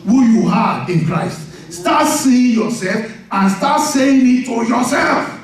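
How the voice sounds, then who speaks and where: Slow but animated, a high-voiced pastor delivers a sermon, often breaking into laughter and prompting the congregation to answer back. The mic sits at a distance, so he sounds set back and echoes heavily through the church hall.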